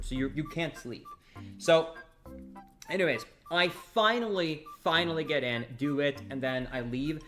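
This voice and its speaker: A young man streaming, telling a long story to his chat in a casual, animated way, acting out the other people. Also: medium pitch. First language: not English. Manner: animated, quotes others in acted voices.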